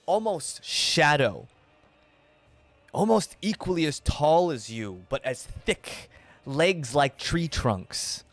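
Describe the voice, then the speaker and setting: Man, game master, higher voice, halting descriptive narration, dry sound, faint music. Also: expressive, dry recording. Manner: descriptive, hesitant with repeated words.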